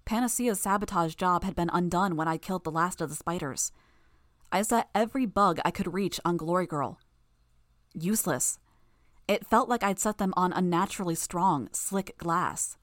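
A woman narrating a first-person audiobook in a steady storytelling manner. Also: lowish voice, normal speed, no echo, clean studio sound.

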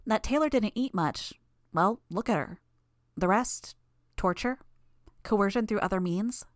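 A woman voicing a cocky young know-it-all in an audiobook, quick and knowing. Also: medium pitch, no echo, studio quality, voice pushed up, close to an everyday voice. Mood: smug.

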